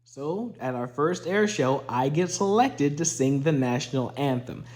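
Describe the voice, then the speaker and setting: A young man tells an old service story in a relaxed, chatty way. His voice sits a bit high and leaps around freely as he plays up the punchlines and quoted lines. The delivery is playful and animated throughout. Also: a little slow. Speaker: veteran storyteller. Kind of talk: casual spoken storytelling.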